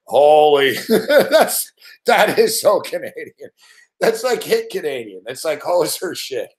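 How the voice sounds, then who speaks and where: Man, live stream host, casual, profane, laughing, slightly high voice. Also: very animated, slow. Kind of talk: casual live reaction chat.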